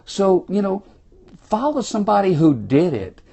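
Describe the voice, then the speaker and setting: A man's voice: high voice, very animated, normal speed, creaky, warm tone, slightly rough. A man from South Louisiana with a Cajun accent, giving a folksy, exuberant motivational talk to viewers on a phone livestream from a small room. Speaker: motivational speaker. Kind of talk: live-streamed motivational talk.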